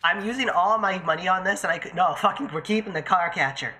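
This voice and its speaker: Bright, chatty, swearing game streamer. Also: mid-range voice, fast. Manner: chatty, profane, talks to self and chat. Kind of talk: casual live-stream gameplay commentary.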